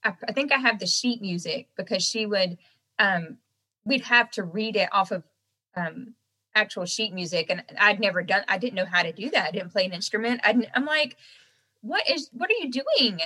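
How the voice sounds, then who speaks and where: A young woman with a softened Southern American accent, chatting casually as a guest and laughing often. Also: medium pitch, moderate pace, low-quality recording. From Southern United States. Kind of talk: casual chat.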